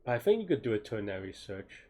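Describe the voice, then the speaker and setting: A tired, yawning man working through a coding problem live, thinking aloud in halting, self-questioning phrases with many restarts. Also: lowish voice, big pitch swings, darkish tone.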